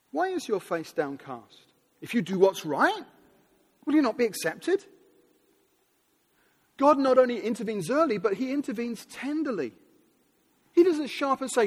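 A man preaching a sermon from England, emphatic and animated, with sudden drops and rises in his delivery, in a large church hall. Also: high-pitched. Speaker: pastor. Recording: long hall reverb.

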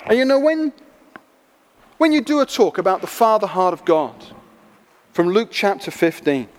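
A man preaching a sermon, telling a story in an animated, expressive way. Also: high voice, moderate pace. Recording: long echo of a large hall.

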